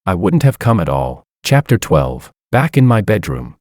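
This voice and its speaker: Deep-voiced young man narrating a story. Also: sing-song, moderate pace, darkish tone, dry recording, studio quality. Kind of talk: first-person story narration.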